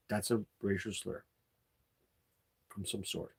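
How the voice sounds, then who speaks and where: A man with a gravelly, creaky voice rants in a loose storytelling way. He swears freely and keeps circling back to repeat his points, sounding fed up throughout. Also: mid-range voice, normal speed, a little mellow. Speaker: delivery driver and channel host. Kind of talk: casual storytelling rant.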